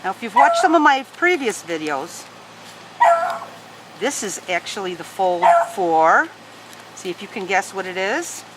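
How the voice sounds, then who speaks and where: Heavy background noise sits under this origami lesson, where a woman patiently guides each fold at home and chats with her dogs. Her mid-range voice is very animated and unhurried, broken by long pauses.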